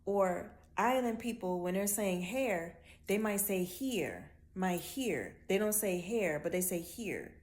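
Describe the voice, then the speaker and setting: A woman from Miami with a Miami accent, ranting bluntly and with lots of swearing in a casual monologue. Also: mid-range voice. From Miami, Florida. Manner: blunt, profane, animated storytelling with drawn-out words. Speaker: vlogger.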